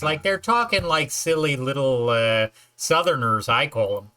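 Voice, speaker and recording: A man's voice: medium pitch, expressive, measured pace, hardly any pauses, sharp tone. A man streaming a game, chatting casually, joking and rambling as he plays. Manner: joking, rambling, puts on silly voices. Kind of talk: casual let's-play chat.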